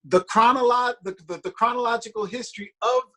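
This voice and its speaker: A man's voice: very high voice, fairly quick, sharp tone. A man hosting an interview, recapping his guest's story back to him with eager interjections. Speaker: interview host. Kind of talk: casual interview.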